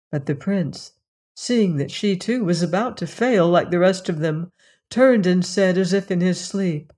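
A woman narrating a fairy tale in a measured, solemn storytelling manner. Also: lowish voice, a little mellow. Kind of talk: storybook reading.

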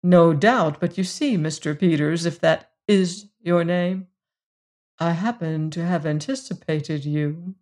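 Reader voicing a shrewd, sharp-tongued woman, crisp and contemptuous, audiobook reading. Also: fairly low pitch, takes it slowly. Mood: cool. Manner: crisp, scornful and firm.

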